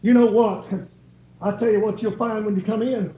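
A man's voice: high-pitched, fairly even intonation, normal speed, a little hiss or hum. A man preaching a sermon, pleading and repeating his points with rising emphasis. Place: church. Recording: echoey, dull church recording.

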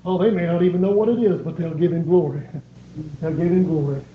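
High-voiced preacher in an echoey church. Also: male voice, fairly even intonation, fast. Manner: rising, pleading preaching with emphatic repetition. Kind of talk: sermon. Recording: echoey, dull church recording.

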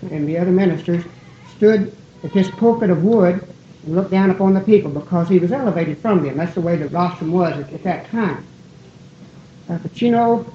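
A woman preaching a sermon in a church, folksy and digressive, often breaking off and gently poking fun at herself. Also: lowish voice, slight background noise. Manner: digressive, folksy, self-deprecating. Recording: roomy, dull lo-fi church recording.

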